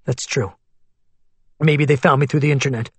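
A man voicing a tense, anxious man on the run, speaking low and hushed in an audiobook. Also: fairly even intonation, moderate pace, slightly rough, no room sound.

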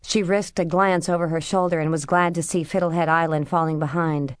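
A woman narrates an audiobook in a steady, measured way. Her voice sits on the low side for a woman. The recording is close and dry, made on a close studio mic with no room sound. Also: smooth, dry recording. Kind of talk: scripted narration.

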